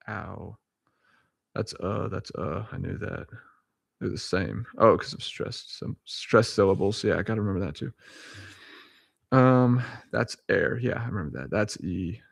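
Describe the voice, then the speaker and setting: A young man reading dictionary abbreviations aloud at home in a halting, chuckling way, often correcting himself. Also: on the low side, vocal fry, no echo. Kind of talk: casual solo reading and chat.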